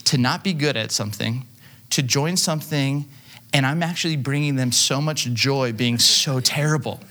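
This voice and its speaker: A man's voice: medium pitch, normal speed, sharp tone. A man, preaching a sermon in a loose, conversational way and telling stories on himself with plenty of fillers. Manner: conversational, self-deprecating storytelling with frequent fillers. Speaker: pastor.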